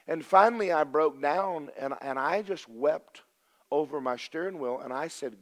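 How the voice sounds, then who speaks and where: An older man, preaching a folksy, storytelling sermon that swings from loud declarations to hushed confessions. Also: a little high, normal speed.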